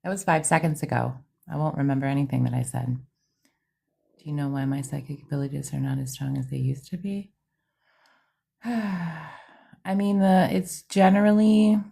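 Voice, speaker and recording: A woman's voice: sits low, unhurried, vocal fry, pauses often, dark tone, slightly rough. A woman, hosting a livestream, half-whispering in a casual chat and greeting viewers by name in her home studio. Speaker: psychic medium livestream host.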